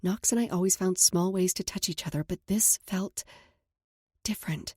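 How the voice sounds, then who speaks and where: Husky, low-voiced woman narrator. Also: moderate pace, darkish tone, no echo, studio quality. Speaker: audiobook narrator. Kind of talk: scripted first-person narration.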